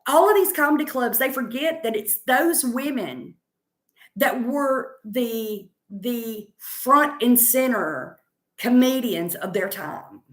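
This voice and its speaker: Chatty Southern woman, slow and roomy. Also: on the high side, animated. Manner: chatty, rambling, confident. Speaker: stand-up comedian. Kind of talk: casual chat answering viewer comments.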